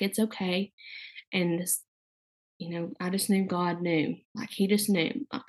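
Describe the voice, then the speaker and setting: A young woman guest speaking candidly in casual conversation, halting, with many fillers and restarts. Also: lowish voice, vocal fry, darkish tone, slightly rough.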